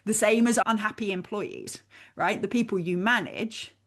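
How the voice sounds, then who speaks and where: A woman working as a life coach, talking animatedly in a coaching conversation and quickly acting out bits of inner dialogue. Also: mid-range voice.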